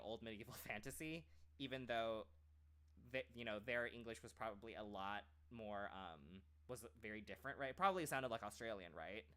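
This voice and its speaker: A man's voice: medium pitch, a bit bright. A man who streams and trains as a voice actor, chatting casually and rambling, with many "like" fillers and restarts. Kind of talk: casual chat.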